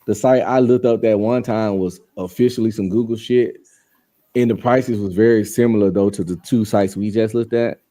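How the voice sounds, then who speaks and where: A man's voice: lowish voice, fairly even intonation, moderate pace, dark tone. Slangy, opinionated male podcast co-host. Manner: slangy, opinionated, agrees readily. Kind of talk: casual chat.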